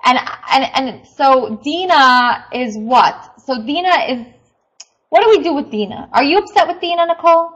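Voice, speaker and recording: A woman hosts a live webcam talk show, teasing her guests and bossily steering the chat. Her voice sits a bit high, and the audio is dull and lo-fi. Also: animated, normal speed, fairly bright tone. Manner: teasing, bossy moderator.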